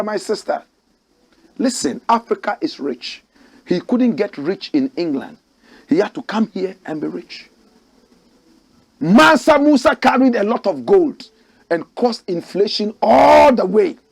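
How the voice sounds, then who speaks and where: A man's voice: high voice, very animated, a little slow, creaky, pauses often, husky. A Ghanaian man hosting a political commentary show, preaching in rhetorical, outraged bursts. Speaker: host.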